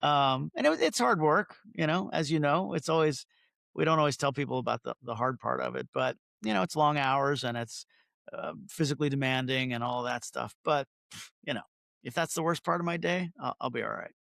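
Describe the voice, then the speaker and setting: A man's voice: medium pitch, brisk, vocal fry, fairly bright tone, no room sound. A middle-aged man, a photographer, telling stories in a casual interview, chatty and self-interrupting, acting out quoted dialogue.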